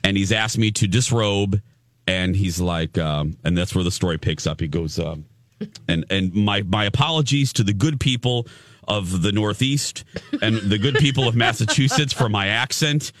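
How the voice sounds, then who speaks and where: A man's voice: on the low side, normal speed, no room sound, studio quality. A man hosting a radio morning show and telling a story casually and animatedly, acting out the people in it. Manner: animated storyteller who acts out quotes.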